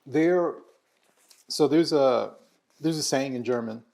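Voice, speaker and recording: A man hosting a casual conversation over a meal, speaking haltingly and restarting his sentences often. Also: mid-range voice, creaky, darkish tone. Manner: halting, with many restarts and fillers. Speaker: host.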